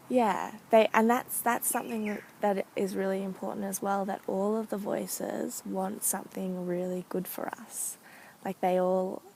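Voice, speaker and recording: A woman giving a casual, reflective talk about a therapeutic practice, speaking softly and thoughtfully with many pauses, sometimes dropping to a near whisper. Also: medium pitch, gravelly, a little hiss or hum, low-quality recording. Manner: soft-spoken, thoughtful, many pauses and fillers.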